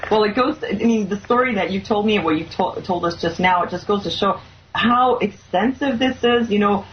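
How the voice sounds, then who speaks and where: A woman hosts a talk show, retelling a story in an earnest, filler-laden way. Her pitch sits in the middle, and the recording sounds slightly dull and lo-fi. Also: moderate pace, slight background noise. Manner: earnest, recounting with many fillers. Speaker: host.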